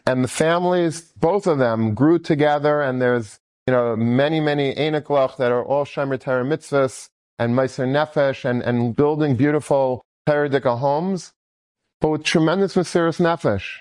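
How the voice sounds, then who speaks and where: A man telling an inspirational story in an animated, enthusiastic way, often repeating himself. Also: mid-range voice, normal speed, no echo. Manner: animated, repetitive, enthusiastic retelling.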